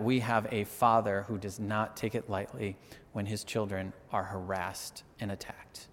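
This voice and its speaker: Guy preaching a sermon, chatty, keeps going "right?", big hall echo behind him. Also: fairly low pitch. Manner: animated, rising to emphatic peaks; conversational, asks the audience "right?".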